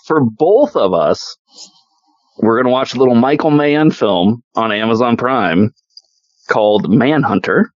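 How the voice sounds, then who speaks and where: A man in casual movie review chat, sardonic and full of swearing, his pitch swinging lively up and down. The sound is dry and a bit muffled. He acts out bits of dialogue as he talks. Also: a little slow, dry recording. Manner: sardonic, swears often, acts out quoted lines. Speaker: podcast co-host.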